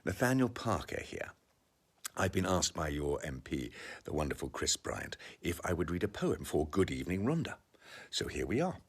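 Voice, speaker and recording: Man, deep and husky, friendly chat into a soft, slow poem reading, home booth. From partly Welsh. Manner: chatty and self-deprecating, then slow and hushed for the poem. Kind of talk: recorded poetry reading from home. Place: makeshift home sound booth.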